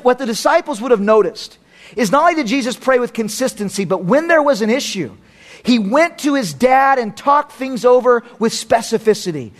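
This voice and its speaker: A man with a strikingly high-pitched voice delivers a sermon from the pulpit. He speaks emphatically and builds his points by repeating phrases. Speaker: pastor.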